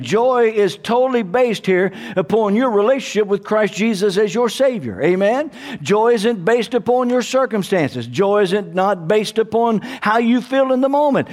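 A man preaching a sermon to his congregation, emphatic and calling out hallelujah and amen. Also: high-pitched. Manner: calls out to the congregation for responses. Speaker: pastor.

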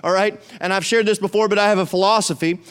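Preacher building emphasis. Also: male voice, sits high, steady tone, fast, fairly bright tone, clean tone. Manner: preaching with rising emphasis and repetition; calls the congregation to respond. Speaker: pastor. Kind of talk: sermon. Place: church sanctuary.

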